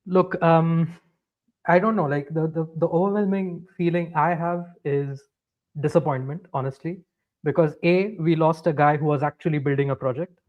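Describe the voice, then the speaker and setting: A man joining a football show call, speaking in a measured, reflective way with hesitant fillers. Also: a little high, fairly even intonation. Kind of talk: casual discussion. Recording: dull lo-fi call audio.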